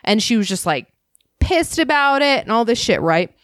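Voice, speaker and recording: A young woman in casual chat, telling a lively story full of "like" and swearing. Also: on the high side, normal speed, dry recording, clean studio sound. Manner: animated storyteller, heavy "like" filler, swears freely.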